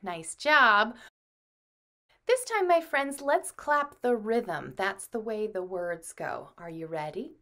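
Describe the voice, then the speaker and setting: A woman music teacher leading a children's lesson, speaking slowly and encouragingly to the kids. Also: medium pitch, expressive, sharp tone. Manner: slow, encouraging, addresses children.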